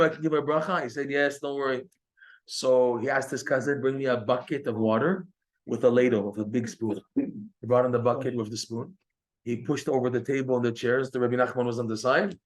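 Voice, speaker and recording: Animated male Torah teacher telling stories. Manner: animated, acts out quoted dialogue with raised pitch. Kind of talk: storytelling lecture.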